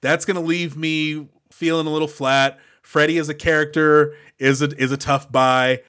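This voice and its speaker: A man's voice: fairly high pitch, level tone, normal speed, a bit bright, clear, resonant tone. A man co-hosting a casual movie podcast who laughs often and riffs on jokey ideas. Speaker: podcast co-host.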